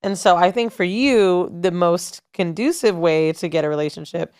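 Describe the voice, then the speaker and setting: A woman's voice: fairly low pitch, normal speed, darkish tone, clean tone. A woman co-hosting a podcast in a studio, giving blunt, profane advice in casual chat. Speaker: podcast co-host.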